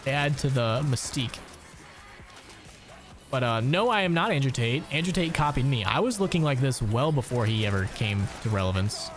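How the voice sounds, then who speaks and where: A man's voice: mid-range voice, lively intonation, moderate pace, faint music behind. A young man streaming a game, chatting casually with a crude, joking manner, answering chat and laughing often.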